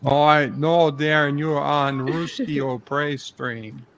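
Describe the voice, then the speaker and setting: A slow, gravelly, mock-Russian comrade, put on by a man hosting a stream. He talks in a heavy, put-on accent with a dead-serious, boastful air. The delivery is drawn out and deliberate. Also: fairly high pitch, steady tone, fairly bright tone, slight background noise. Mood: deadpan. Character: joking fake Soviet man, boastful comrade. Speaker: stream host. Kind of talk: comedic bit on a casual stream.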